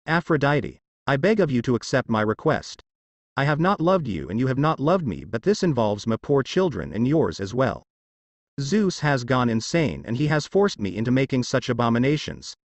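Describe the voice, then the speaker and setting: A man's voice: mid-range voice, big pitch swings, moderate pace, no echo. A man voicing a desperate, pleading male smith god. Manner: pitiful pleading.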